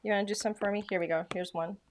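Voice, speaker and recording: A woman's voice: mid-range voice, steady tone, very fast, slight background noise. A woman demonstrating craft products in a casual, chatty way, full of enthusiasm and filler words.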